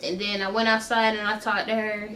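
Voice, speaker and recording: A young woman vlogger telling a story in a casual, animated way, laughing often and tossing in slangy asides. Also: medium pitch, brisk, a little hiss or hum.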